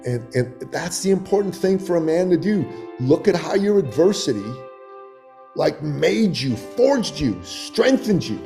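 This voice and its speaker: A man in his forties, a podcast guest, telling stories in a loose, animated way with lots of swearing. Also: a little high, measured pace, soft background music. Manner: profane, animated storytelling. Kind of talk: casual podcast storytelling.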